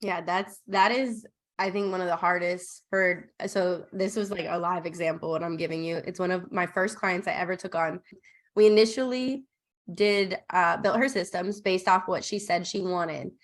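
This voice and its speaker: Woman, podcast guest, bubbly, animated storyteller, casual. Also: fairly low pitch, moderate pace. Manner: bubbly, animated retelling with acted quotes. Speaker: podcast guest, operations consultant.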